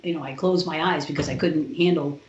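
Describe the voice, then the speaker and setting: A woman, a podcast guest, telling a personal story in an animated way and acting out the other people's lines. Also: low-pitched, a little fast. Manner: animated retelling with quoted voices. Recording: roomy, dull lo-fi sound.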